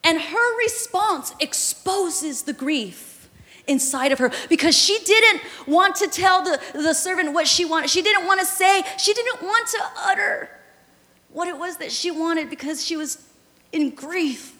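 A woman pastor delivers an impassioned sermon, dropping to a hush and then rising to shouts. Her voice sits high. The church sanctuary adds a long, ringing reverb. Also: expressive, a little slow. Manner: impassioned, swings from hushed to shouting.

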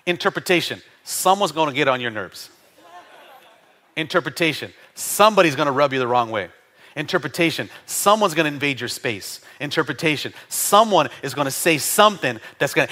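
A middle-aged man preaching a sermon, his voice bright, forward and ringing. He swings widely in pitch, dropping low and quiet, then rising high and loud. He jokes and calls for responses from the congregation. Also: a little fast. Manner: animated, playful preaching with jokes and call-and-response. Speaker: pastor. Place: church sanctuary.

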